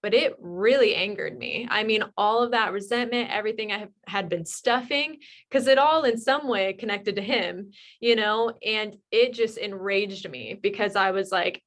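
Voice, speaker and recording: A young woman tells her own recovery story in an open, unguarded way. She speaks candidly and with feeling, often pausing on small fillers as she gathers her thoughts. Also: mid-range voice, a bit bright. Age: young adult. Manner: candid, emotional, many fillers. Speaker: guest sharing recovery story. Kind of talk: personal testimony.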